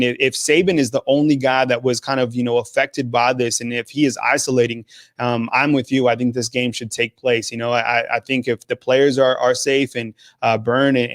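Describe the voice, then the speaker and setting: A man's voice: medium pitch, dry recording, studio quality. A man hosting a sports call-in show, talking hesitantly with many restarts. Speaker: host.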